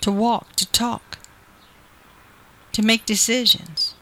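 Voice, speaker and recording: A woman's voice: on the high side, takes it slowly, bright, forceful tone. A woman preaching a sermon, earnest and repetitive, building emphasis through quoted promises.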